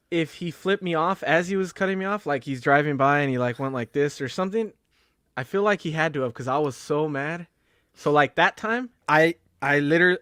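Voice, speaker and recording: A man's voice: on the high side, a bit bright, smooth, dry recording, clean studio sound. A man telling casual stories to friends with many fillers. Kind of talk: casual group chat.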